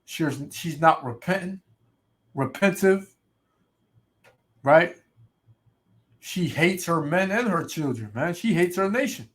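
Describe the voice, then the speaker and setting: A ranting male street preacher with a slightly raised pitch. He stretches out scripture verses slowly and loudly, then fires off asides that keep ending in "man" and "right". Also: expressive. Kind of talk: ranting sermon video.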